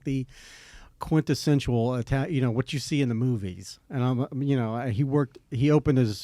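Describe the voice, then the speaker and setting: A man's voice: mid-range voice, mellow, no echo. A man hosting a podcast, chatting casually and rambling with plenty of fillers and restarts. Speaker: podcast host. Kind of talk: casual chat.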